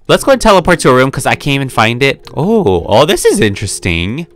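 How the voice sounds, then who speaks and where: A man's voice: mid-range voice, big pitch swings, brisk, few pauses, soft background music. A man hosting a gameplay video, chatting casually and playfully, with frequent gasps and laughs. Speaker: gaming video host.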